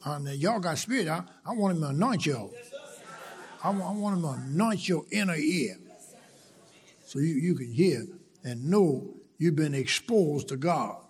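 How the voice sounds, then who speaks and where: A man's voice: on the high side, lively intonation, normal speed, a little mellow. Preacher man in a reverberant church. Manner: preaching, reading scripture aloud with rising emphasis. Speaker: pastor. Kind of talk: sermon with call-and-response. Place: church sanctuary. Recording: long reverb of a large church.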